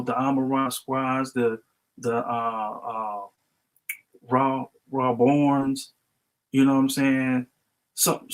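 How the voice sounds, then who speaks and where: A man talking casually on a livestream, loose and slangy, and circling back over his words as he goes. His voice sits at an ordinary middle pitch. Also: rough recording. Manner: loose, slangy, halting with restarts. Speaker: guest.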